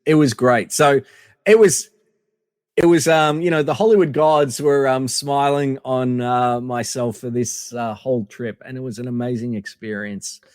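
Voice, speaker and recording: A man's voice: medium pitch, fairly even intonation, unhurried, a little mellow, no room sound, clean studio sound, big-room sound. A man guest telling casual anecdotes in a rambling way, full of fillers and restarts. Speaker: podcast guest.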